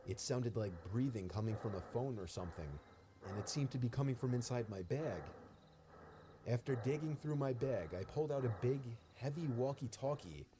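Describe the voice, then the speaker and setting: A man reading a scripted first-person horror story in a steady, even storytelling manner. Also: medium pitch, moderate pace, noisy background.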